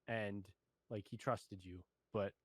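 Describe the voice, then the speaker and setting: A man's voice: lowish voice, fairly even intonation, slow, slightly rough, dry recording. A young man co-hosting a casual show review, recapping scenes in an easygoing way, laughing often and stopping to find words.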